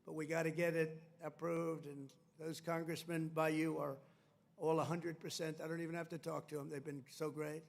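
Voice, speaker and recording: A man's voice: a little high, flat delivery, moderate pace, gravelly. An older man giving a rambling, boastful political speech from a podium, repeating himself and drifting into asides. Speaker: speaker at a military base.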